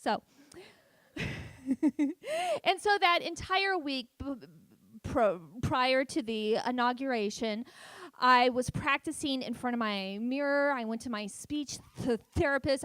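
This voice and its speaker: High-voiced woman comic who stutters. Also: clear, resonant tone, no room sound. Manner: stutters on repeated sounds; deadpan sarcastic delivery. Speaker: stand-up comedian. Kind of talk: stand-up storytelling. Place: festival stage.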